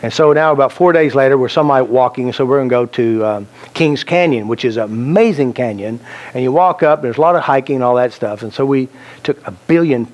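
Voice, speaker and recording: A man's voice: medium pitch, fairly quick, a little mellow. A man teaching a self-help seminar, telling anecdotes and joking, asking the audience questions. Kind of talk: live seminar talk to an audience.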